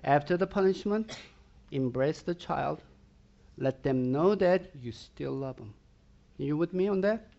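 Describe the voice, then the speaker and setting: A male pastor delivers an emphatic, direct sermon at a slow, deliberate cadence, regularly checking in with the congregation via rhetorical questions. His fairly high voice is mellow yet gravelly, with lively intonation, and the audio is dull and lo-fi.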